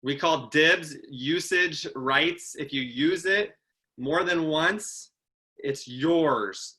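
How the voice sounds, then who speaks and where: A man's voice: fairly high pitch, slow pace, pushed and bright. A man co-hosting a casual live-stream chat show, playful and fond of sing-song repetition. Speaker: co-host.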